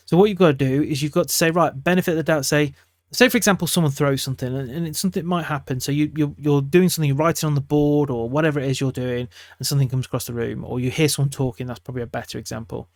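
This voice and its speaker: A man's voice: fairly high pitch, dry recording, studio quality. A middle-aged man, a teacher giving classroom advice in a casual talk to camera, chatty and acting out quotes from teachers and students.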